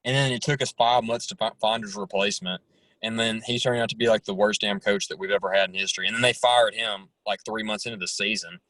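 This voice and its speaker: Halting young man, dry close sound. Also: lowish voice, steady tone, a bit bright, dry recording, poor audio. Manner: halting, full of "like" and "I mean". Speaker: guest. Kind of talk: casual chat. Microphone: video call.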